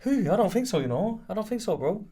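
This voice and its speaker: A man's voice: high-pitched, big pitch swings, a crowd in the background. A man hosting a casual podcast, probing his guest and agreeing often. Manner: probing, repeats questions and "bro", lots of quick agreement. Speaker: podcast host.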